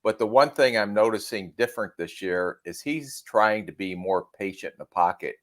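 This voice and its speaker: A man co-hosting a podcast, giving measured analysis with self-deprecating humor. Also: lowish voice. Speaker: podcast co-host and draft analyst. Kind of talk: casual podcast chat.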